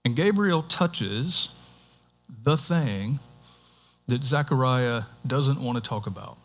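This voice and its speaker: A man preaching in church with a middle-pitched voice. He talks to the congregation like it's a chat, with asides and restarts, and his voice lifts when a point excites him. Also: takes it slowly. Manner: conversational, animated, with restarts and asides. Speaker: pastor. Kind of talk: sermon.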